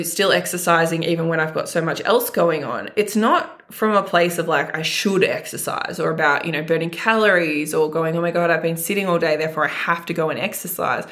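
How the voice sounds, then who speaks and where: A woman's voice: on the low side, fairly bright tone. A young adult woman coaching on food and body image, talking earnestly and emotionally straight to her viewers in a personal monologue.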